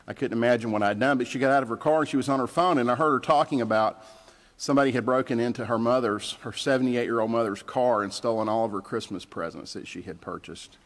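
A man's voice: medium pitch, fast talker, fairly bright tone. A man, a pastor, preaching a sermon in a plainspoken, conversational storytelling way. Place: church sanctuary. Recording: church livestream with long reverb.

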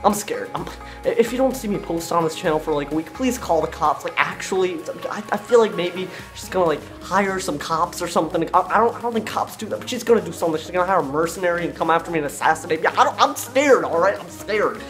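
A man's voice: high-pitched, quick pace, fairly bright tone, soft background music. A young man hosting a prank channel, chatting casually in a rambling, jokey and nervous way. He is out of breath and peppers his talk with slang. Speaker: YouTube prank channel host. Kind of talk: casual vlog chat.

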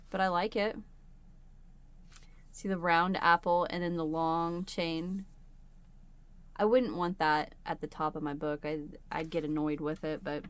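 A woman's voice: mid-range voice, a bit bright, a little hiss or hum. A woman hosting a home crochet video, talking casually and rambling, with frequent laughs, while sitting in a chair at home. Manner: chatty and rambling, laughs often. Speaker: crochet channel host. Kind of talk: casual chat.

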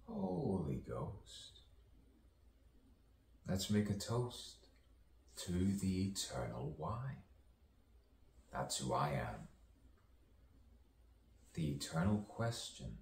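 A man's voice: low voice, sing-song, takes it slowly, vocal fry, pauses often, echoey room, far from the mic, a little hiss or hum. A man, a poet and actor, performing an improvised spoken-word soliloquy with dramatic swings between whispers and sudden outbursts.

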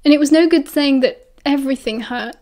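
Casting: British woman, audiobook narrator, high voice, expressive and steady. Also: a little fast. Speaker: audiobook reader.

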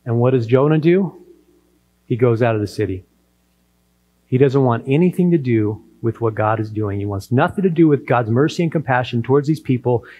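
A man preaching from the pulpit at an ordinary middle pitch. He tells the story in a lively way and acts out the characters' lines as he goes. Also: moderate pace, muffled recording. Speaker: pastor. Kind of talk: sermon.

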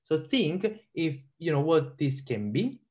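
Animated Italian man lecturing. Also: on the high side, unhurried. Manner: animated, quizzes audience with frequent ums and repeats. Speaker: radiology lecturer. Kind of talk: live online lecture.

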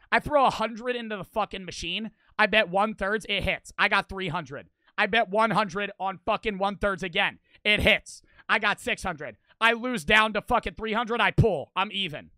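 A young man casually telling a story as a vlogger, animated and full of swearing, swinging between loud outbursts and low mutters. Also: clear, resonant tone, no room sound.

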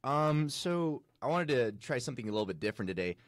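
A young man co-hosting a college radio morning show, relaxed and reading out odd facts with fillers. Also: medium pitch, quick pace, dry recording. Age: young adult. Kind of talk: casual chat.

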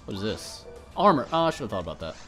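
A man's voice: fairly low pitch, sing-song, quick pace, a bit bright. A young man chatting casually while playing a video game, joking, swearing and laughing often. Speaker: let's play co-host. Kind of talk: casual gaming chat. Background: game music.

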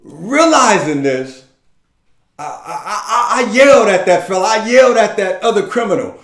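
High-voiced, impassioned preacher in an echoing church. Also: male voice, lively intonation, normal speed, a crowd in the background. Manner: impassioned, repeating and stammering, building to shouts. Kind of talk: first-person dramatic sermon monologue. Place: church sanctuary.

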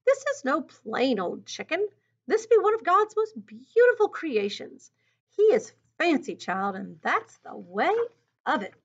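Woman voicing a gentle old Amish elder. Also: high voice, sing-song, full character voice. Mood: kindly. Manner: slow, kindly, old-fashioned speech. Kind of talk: storybook read-aloud. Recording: dull lo-fi recording.

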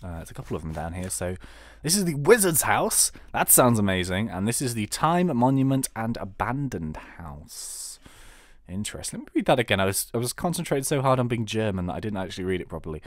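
A man's voice: fairly low pitch, very animated, fairly quick, no echo, clean studio sound. A young British man giving casual, joking gameplay commentary as a let's-player. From Britain. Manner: chatty, joking, upbeat.

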